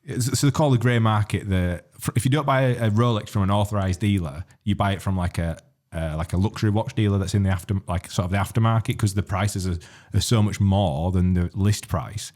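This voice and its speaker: A man's voice: lowish voice, brisk, darkish tone. A man, co-hosting a podcast, rambling through stories and laughing often. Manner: rambling storyteller, laughs often, many restarts. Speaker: podcast co-host. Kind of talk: casual chat.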